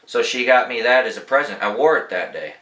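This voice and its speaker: A young man tells casual, rambling anecdotes, swearing freely in a relaxed way. His voice sounds bright and forward. The room around him is echoey. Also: mid-range voice, fairly quick. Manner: laid-back, profane, rambling anecdotes. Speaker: podcast host. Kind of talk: casual storytelling.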